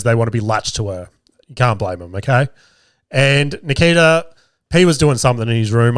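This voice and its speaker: A man's voice: mid-range voice, smooth, dry recording, studio quality. Man telling podcast stories. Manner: swears freely, acts out quoted lines in voices. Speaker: podcast host. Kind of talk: casual storytelling.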